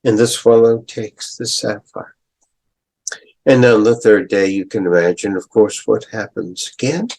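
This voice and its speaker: An older male professor retelling a story in a lecture, deliberate, clearing his throat and adding asides. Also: on the low side, darkish tone.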